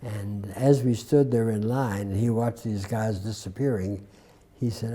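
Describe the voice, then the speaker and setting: A man in his nineties with a Southern US accent, being interviewed and telling an unhurried story with dry humor. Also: lowish voice, fairly even intonation, warm tone. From Atlanta, US South. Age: 90s. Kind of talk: recounting a war memory.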